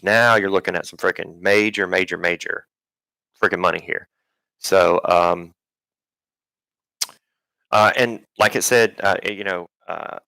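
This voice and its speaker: A man's voice: low voice, gravelly, sharp tone, no room sound, rough recording. A man hosting a live stream, rambling and swearing in casual talk, full of ums and restarts.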